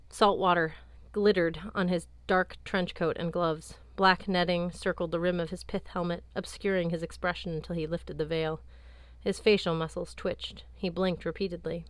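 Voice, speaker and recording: A woman narrating an audiobook in a measured, even tone, recorded close on a studio mic. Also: on the low side, dry recording. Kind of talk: scripted narration.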